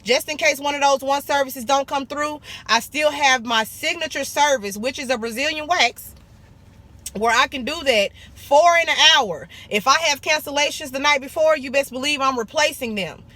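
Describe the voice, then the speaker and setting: A woman's voice: sits high, normal speed, sharp tone. A young woman from Arkansas, giving blunt, sassy business advice in a casual vlog and calling viewers honey and baby. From Arkansas, USA. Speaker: esthetician vlogger.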